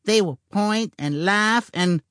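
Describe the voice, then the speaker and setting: A creepy storybook spirit of a girl speaks from inside a china doll, as a male narrator puts her on. She drawls her taunts slowly and cruelly in a very high, thin voice. The recording is close and dry. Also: fairly bright tone, clear, resonant tone, no echo. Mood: taunting. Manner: slow, gloating and cruel. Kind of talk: audiobook character voice.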